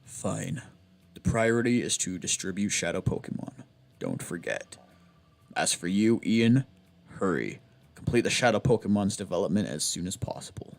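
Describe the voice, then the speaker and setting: A man voicing a cold, commanding male villain leader in a low, close-mic whispered role-play. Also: sing-song, normal speed, creaky, exaggerated voice.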